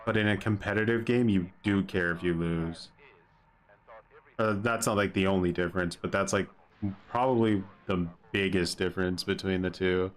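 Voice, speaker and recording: A man's voice: sits low, steady tone, normal speed. A young man streaming a game, chatting casually with viewers in a laid-back way, full of fillers. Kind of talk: casual livestream commentary.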